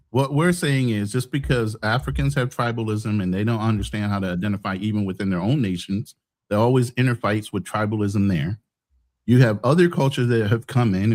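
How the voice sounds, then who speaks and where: A man's voice: on the low side, darkish tone. An American man hosting a heated casual debate, blunt and profane, talking over others. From United States.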